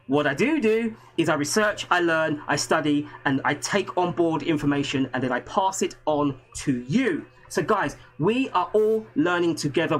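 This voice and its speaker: A man hosting a live stream, talking in an energetic, chatty way and greeting viewers. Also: fairly high pitch, poor audio. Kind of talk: casual live stream talk.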